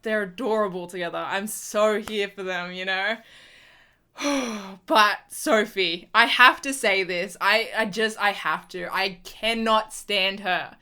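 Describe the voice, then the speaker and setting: A woman's voice: mid-range voice, takes it slowly, pushed and bright, smooth. A young woman, chatting casually about a TV episode in a review vlog, full of fillers and exasperated restarts. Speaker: TV review vlogger.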